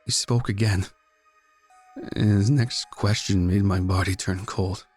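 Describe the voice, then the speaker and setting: A man narrating a first-person horror story in a measured, tense, brooding way. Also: sits low, fairly even intonation, darkish tone, slightly rough, soft background music. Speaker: guest narrator.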